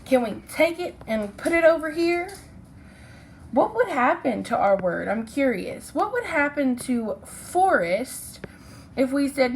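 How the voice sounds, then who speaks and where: A woman's voice: high-pitched, sing-song, unhurried, a little hiss or hum. A woman teacher giving a recorded phonics lesson to children, speaking patiently and sounding out letters and syllables.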